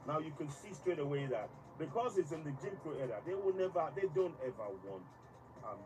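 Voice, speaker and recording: Passionate man on a distant, noisy mic. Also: medium pitch. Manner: passionate, emphatic, halting with restarts. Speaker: host. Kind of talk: live commentary broadcast.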